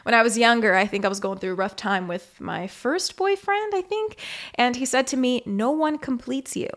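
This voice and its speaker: A woman's voice: fairly high pitch, expressive, moderate pace, a bit bright. A young adult woman hosting her own podcast, talking casually and often checking in with "okay?". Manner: chatty, often ends with "okay?". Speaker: podcast host. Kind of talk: casual solo podcast monologue.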